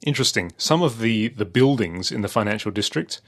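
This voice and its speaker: A man's voice: fairly low pitch, expressive, brisk, a bit bright. A man with an Australian accent, co-hosting a podcast in casual chat, rambling with many fillers and restarts. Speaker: podcast co-host.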